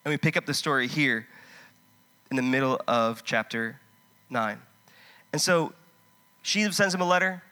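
Male pastor, sermon, bright voice, fairly high, impassioned, conversational storytelling. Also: steady tone, moderate pace. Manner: impassioned, swings from loud urging to hushed.

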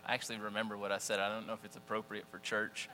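A man preaching a sermon, telling personal stories in an animated, folksy, self-deprecating way. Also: lowish voice, racing. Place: church. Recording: echoey church hall with faint mains hum.

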